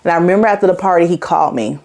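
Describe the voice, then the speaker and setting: Candid, lower-pitched woman telling her story. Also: racing, creaky, a little mellow. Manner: blunt, profane, conversational with slang; emotional, laughing through hard memories. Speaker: podcast host.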